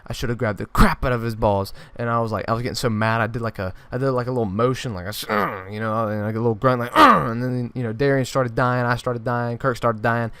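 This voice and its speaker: Animated teen guy telling a story. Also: medium pitch, brisk, few pauses, clear, resonant tone, dry recording. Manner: animated storytelling with frequent restarts. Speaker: YouTuber. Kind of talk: storytime vlog.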